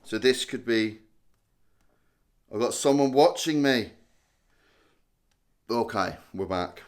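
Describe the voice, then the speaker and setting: A man's voice: medium pitch, lively intonation, takes it slowly. A young man hosting a casual live stream, chatting and joking as he reads out viewer comments. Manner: chatty, self-mocking, reads viewer names aloud.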